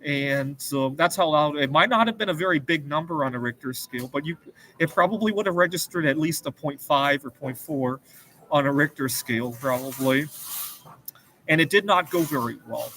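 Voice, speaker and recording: A man's voice: on the high side, moderate pace, bright, forceful tone, a little hiss or hum, low-quality recording. A man hosting his own show, telling a personal story in a rambling, earnest casual monologue. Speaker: show host.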